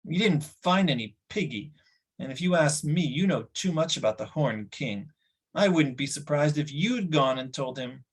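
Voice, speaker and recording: A touchy young pig keeper, as a man reads him, quick to take offense in a storybook. His lines come out raised and sharp, with a husky grain. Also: on the high side, expressive, pitched above the performer's own voice. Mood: indignant. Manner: indignant, sharp. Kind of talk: audiobook character voice.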